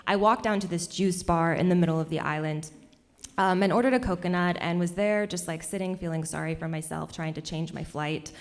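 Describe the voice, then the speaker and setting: A young woman telling a personal story on stage at a cultural center, animated and laughing often between lines. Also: lowish voice, a little fast.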